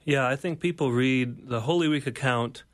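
In an interview, this man, an author who is also a pastor, reflects on devotional themes with earnest, sermon-like delivery, stacking repeated phrases to drive his points home. He speaks at medium pitch and a normal speed.

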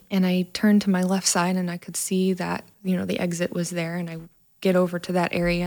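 A woman's voice: lowish voice, vocal fry. A woman, a trauma nurse, telling a personal story in an earnest way and acting out the dialogue.

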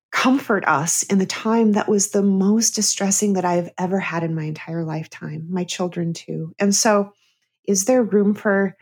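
A woman's voice: on the low side, a little mellow. A middle-aged woman, a therapist and comedian, telling a candid personal story as a guest on an interview show. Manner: earnest, candid storyteller who breaks into laughter.

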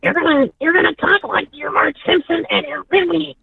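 Nasal raspy Marge Simpson. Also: male voice, very high voice, steady tone, normal speed, far from the mic, voice pushed up, exaggerated voice. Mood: annoyed. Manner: annoyed, throaty drawl. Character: nasal, raspy, exasperated cartoon mom. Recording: tinny phone-like call line.

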